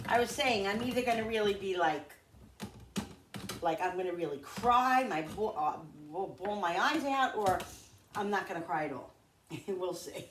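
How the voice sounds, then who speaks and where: A woman's voice: mid-range voice, normal speed. A middle-aged woman chatting casually to her viewers while cooking at home, thinking aloud and calling them guys. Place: home kitchen. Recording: echoey, distant, noisy kitchen.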